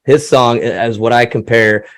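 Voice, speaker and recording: A man chatting casually about sports as a passionate, excitable fan who swears freely. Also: medium pitch, unhurried, no room sound.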